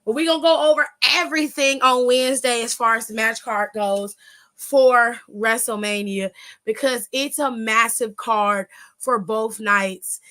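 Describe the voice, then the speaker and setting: A woman with a slightly high, sharp voice keeps a steady tone and a measured pace. She hosts a casual aftershow chat about wrestling, spinning stories that are loose, gossipy and profane.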